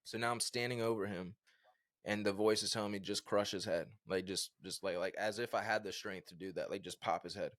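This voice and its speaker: A man in his thirties from Virginia, a podcast guest telling a personal story in an animated, casual way with lots of fillers. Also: on the low side, a little fast, dry recording, studio quality. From Virginia, USA. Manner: animated, conversational, many fillers like "like" and "bro".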